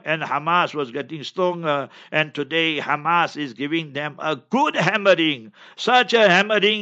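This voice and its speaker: A man with a South African accent giving forceful, indignant commentary on current events as a religious speaker. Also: a little high, muffled recording. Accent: South African English. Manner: forceful, indignant, mocking quoted voices.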